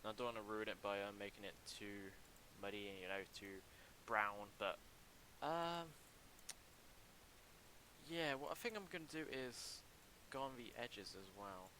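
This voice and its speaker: A young man's voice, on the low side, offers casual commentary on a livestream as he builds a game level. His speech into the desk mic is chatty and halting, packed with ums and restarts, against a noisy background.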